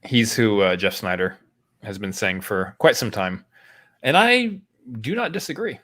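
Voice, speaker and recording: A man co-hosting a casual film podcast, his voice sitting fairly low. He rambles and restarts often, filling gaps with ums and uhs. He keeps it easygoing and self-deprecating. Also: expressive, moderate pace, bright, forceful tone. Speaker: podcast co-host. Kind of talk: casual chat.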